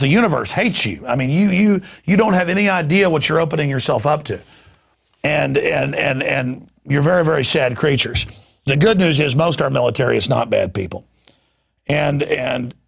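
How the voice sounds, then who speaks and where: Middle-aged male talk host, husky rasp, stammering, fired-up delivery. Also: a little high, fairly bright tone. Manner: impassioned, indignant, stammering repeats. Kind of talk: heated talk radio rant.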